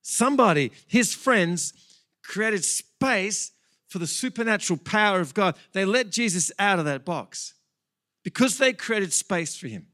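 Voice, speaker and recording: A man preaching a sermon in a church, telling a Bible story with animated, chatty asides. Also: high voice, a little slow. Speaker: pastor.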